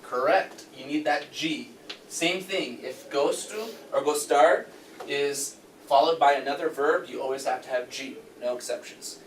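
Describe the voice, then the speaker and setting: A man's voice: fairly high pitch, a little slow. A man teaching a language class, patiently explaining and quizzing his students. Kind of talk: classroom correction drill. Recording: echoey classroom, far mic, noisy.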